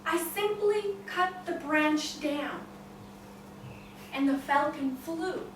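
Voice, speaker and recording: A woman storyteller voicing a humble, wise farmer who explains calmly, in an echoey room from far off. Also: high-pitched, slow pace, a little hiss or hum.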